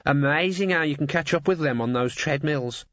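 A man's voice: fairly high pitch, normal speed, a bit bright, dry recording, pitched above the performer's own voice, close to an everyday voice. A man voicing a chatty, know-it-all male talking raven who teases and gossips in a playful manner. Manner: gossipy and teasing, with a playful stammer. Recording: slightly dull, dry studio sound.

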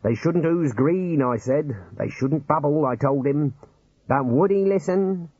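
A man voicing a gloomy, nervous old wizard scholar who talks deadpan and stammers through lists. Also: on the high side, measured pace, breathy edge, no echo, voice pushed up. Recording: dull lo-fi recording.

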